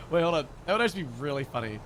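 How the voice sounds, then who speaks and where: A chatty male streamer rambles and laughs through a casual live stream. His pitch is a little high and moves around a lot. Faint noise sits behind him. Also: very animated, fast, a bit bright.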